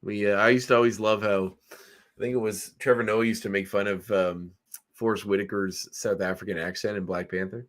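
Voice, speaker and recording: A man's voice: on the low side, steady tone, moderate pace. A married man co-hosting a casual podcast, bantering, guessing numbers and swearing now and then. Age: adult, married. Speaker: podcast co-host. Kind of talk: casual chat.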